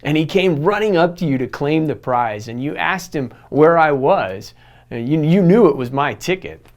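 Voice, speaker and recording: A man's voice: fairly high pitch, normal speed. A man telling a heartfelt story as a farewell tribute in a church, acting out the people in it. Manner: animated anecdote-telling, voicing others in quotes. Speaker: church member giving a tribute.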